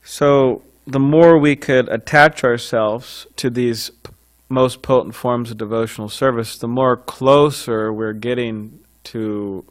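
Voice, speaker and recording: A man's voice: mid-range voice, steady tone, takes it slowly, few pauses. A man giving an informal scripture class, talking conversationally with frequent fillers and light chuckles.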